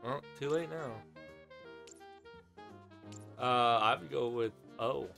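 A man playing a word game with a friend, teasing and swearing in an excitable way. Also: medium pitch, takes it slowly, creaky, music in the background. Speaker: gaming co-player. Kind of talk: casual gameplay chat.

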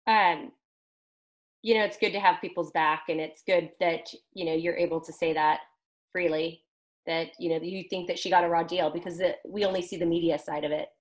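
A woman hosting a casual interview, asking loose, relaxed questions. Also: on the low side, fairly quick, poor audio. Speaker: interviewer, host.

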